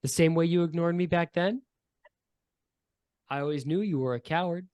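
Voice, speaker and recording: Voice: medium pitch, moderate pace, darkish tone, dry recording, close to an everyday voice. Taunting ghostly twin voice, spiteful, accusing, as a game master puts it on. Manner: accusing, needling.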